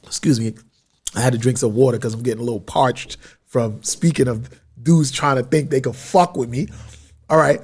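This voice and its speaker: A man's voice: mid-range voice, fairly even intonation, normal speed, darkish tone, husky. A man hosting his podcast in a media studio, telling a rambling story in slang-heavy street talk. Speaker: podcast host. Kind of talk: casual storytelling monologue.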